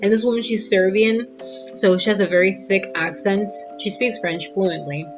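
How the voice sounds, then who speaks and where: A woman telling a personal story in a casual, animated and sassy way. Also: medium pitch, normal speed. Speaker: vlogger. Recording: dull lo-fi audio with guitar music.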